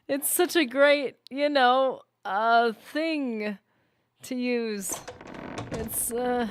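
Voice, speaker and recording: A woman's voice: high voice, expressive, slow pace, dry recording. A woman streaming a game, chatting casually and teasing her viewers in a playful way. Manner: playful, teasing banter with chat. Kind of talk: casual live-stream chat.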